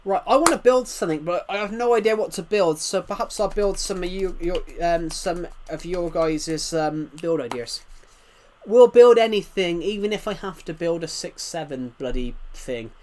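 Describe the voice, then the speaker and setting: A man's voice: high voice, moderate pace, few pauses, a little mellow, slight background noise. A man in his twenties with a thick rural British accent, chatting casually and rambling to his chat as a game streamer. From United Kingdom. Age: 20s.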